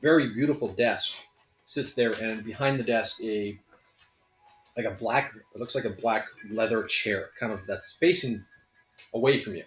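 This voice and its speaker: A man's voice: lowish voice, moderate pace, echoey room. A man running a tabletop game as game master, describing scenes in a loose, rambling way full of fillers.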